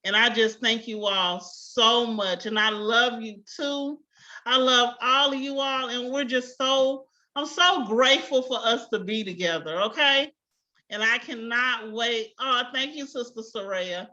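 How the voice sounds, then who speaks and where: Woman teacher, young adult, high voice, warm praise, laughs a lot; muffled call audio. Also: unhurried. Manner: effusive, grateful, laughs often. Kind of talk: online class closing remarks. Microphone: video call.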